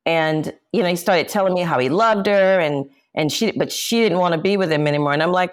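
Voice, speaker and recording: A woman's voice: lowish voice, a little fast, hardly any pauses. A woman, a jazz singer, speaking as an interview guest and candidly recounting personal events with emphatic, impassioned delivery.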